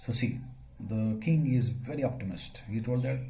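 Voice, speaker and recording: A man, teaching a story as a lecture. He asks questions and answers them himself, using many fillers, and his voice gets suddenly louder at times. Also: mid-range voice, normal speed, vocal fry, rough recording.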